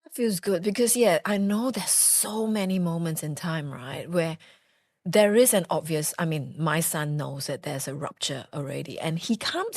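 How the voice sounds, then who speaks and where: A woman hosting a parenting podcast, talking in a halting, animated way and repeating words as she thinks. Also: sits low, no room sound, studio quality. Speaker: podcast host. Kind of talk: casual podcast chat.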